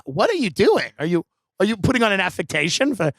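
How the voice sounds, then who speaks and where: Male podcast host, high gravelly voice, bright sharp tone, mocking comic riffs. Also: big pitch swings, fast, dry recording. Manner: mocking, loud impressions of others. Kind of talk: comedic podcast banter.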